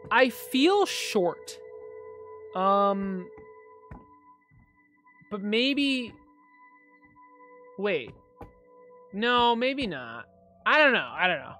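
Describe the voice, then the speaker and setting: A woman's voice: mid-range voice, fairly bright tone. A woman streamer chatting and reading game text aloud as she plays, with frequent laughs. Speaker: streamer playing a fan-made game. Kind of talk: live game commentary.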